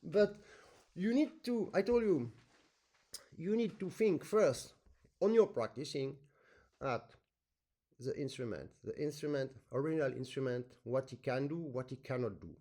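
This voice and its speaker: Animated man teaching accordion. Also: fairly high pitch, unhurried. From France. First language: French. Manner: animated, sings rhythms in syllables, non-native English phrasing. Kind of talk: masterclass teaching with sung demonstrations.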